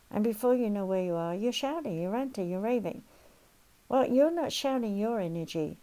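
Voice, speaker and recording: A woman's voice: medium pitch, moderate pace, rough recording. An older woman giving a spoken lesson as a counselor, leading listeners step by step through exercises and acting out everyday worries along the way. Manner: animated, acts out everyday worries, gives step-by-step instructions. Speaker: counselor and teacher.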